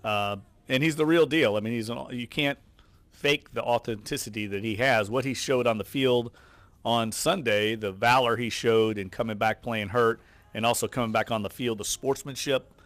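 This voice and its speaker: A sports radio co-host with a New Orleans accent talks in an opinionated, exasperated way. His voice sits at an ordinary male pitch. The sound is dry and close, with no room around it. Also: moderate pace, fairly bright tone, no echo.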